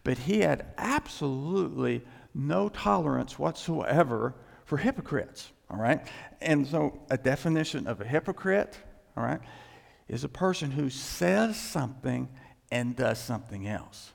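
A male pastor preaching a sermon in an emphatic way, climbing in pitch and loudness to stress his points. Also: lively intonation, a little slow, gravelly. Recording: long reverb in a large hall.

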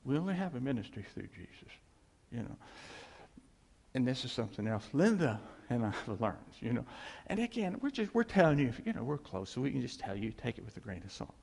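Male Bible teacher, husky and gravelly, chatty delivery with acted-out bits, long hall reverb. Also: medium pitch, big pitch swings, fast, darkish tone. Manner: conversational, acts out scenes, laughs often.

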